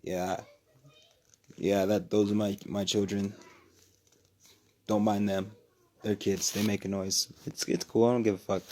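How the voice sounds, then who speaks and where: A man from New Mexico hosting a casual livestream from home, talking in a profane, rambling, animated way. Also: on the low side, unhurried, pauses often. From New Mexico, USA. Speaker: livestream host.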